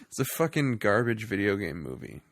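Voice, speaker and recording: A man's voice: on the low side, normal speed, no room sound, clean studio sound. A man co-hosting a casual comedy podcast, recapping a movie with lots of laughter and acted-out quotes. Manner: animated, laughs often, acts out quoted lines in silly voices. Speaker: podcast co-host.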